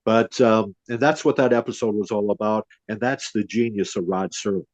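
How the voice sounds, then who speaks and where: An older man, a podcast host, telling a story in an unhurried way with many restarts. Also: on the low side, steady tone, darkish tone, no room sound. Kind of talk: casual chat. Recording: dull, dry lo-fi audio.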